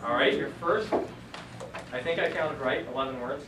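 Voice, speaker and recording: A man's voice: on the high side, moderate pace. A man teaching a Bible Greek class, joking and encouraging, thinking aloud as he goes. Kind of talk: classroom lecture. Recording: echoey room from a distant mic with noise.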